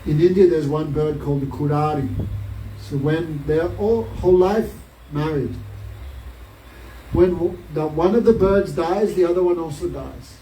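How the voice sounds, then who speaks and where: A man leads a devotional class, recounting a scriptural story and peppering his listeners with rhetorical questions. His voice is on the high side, unhurried, and dark, picked up by a distant mic in a roomy space with faint noise.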